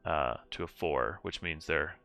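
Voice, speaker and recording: A man's voice: a bass voice, unhurried, gravelly, pushed and bright. A man running a tabletop horror game as game master, talking casually with lots of fillers.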